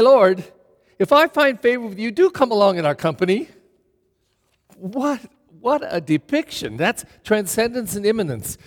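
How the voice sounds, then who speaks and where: A male pastor preaching a sermon in an animated way, reading scripture aloud with dramatic emphasis. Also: high voice, long reverb tail.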